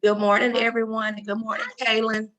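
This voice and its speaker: A woman's voice: a little high, level tone, normal speed. A woman giving firm, faith-filled encouragement to a younger mother on a video call. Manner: warm, preachy, firm encouragement. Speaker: encouraging mentor in a women's group. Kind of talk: motivational faith talk.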